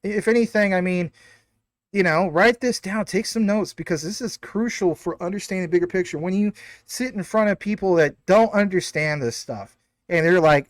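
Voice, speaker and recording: A man hosting his own video, explaining ideas casually with rhetorical questions, fillers and quick self-corrections. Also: high-pitched, dry recording, clean studio sound. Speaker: crypto video host.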